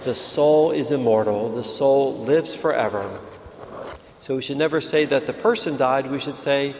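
A man, a priest, giving a calm, measured sermon in a church. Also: mid-range voice, a little hiss or hum. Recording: reverberant hall with faint ambience.

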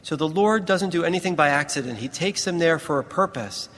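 Man, preacher, sermon, slow deliberate emphasis, slightly high voice, long church reverb. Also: expressive, a bit bright. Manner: slow, deliberate teaching delivery with emphatic pauses.

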